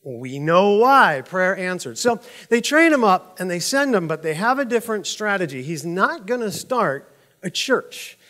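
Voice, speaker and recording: A man preaching a sermon as pastor, telling stories in a lively, conversational way with frequent asides to the congregation. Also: high voice, a little slow, big-room sound. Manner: animated storytelling, chuckles at own jokes.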